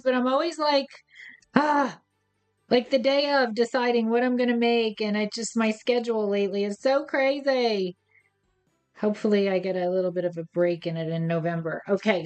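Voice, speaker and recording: Woman host, casual craft demo, playful and chatty, soft music under. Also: on the high side. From United States. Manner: chatty and playful, talks to viewers, chuckles at herself. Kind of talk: casual step-by-step craft demonstration.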